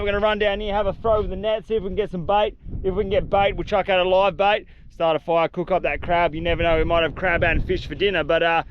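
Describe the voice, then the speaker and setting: Male outdoor vlogger, high-pitched and excitable, self-filmed on a handheld camera with faint background ambience. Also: dull audio, slight background noise. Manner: excited, breathless slang-filled chatter. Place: outdoors in mangroves by water.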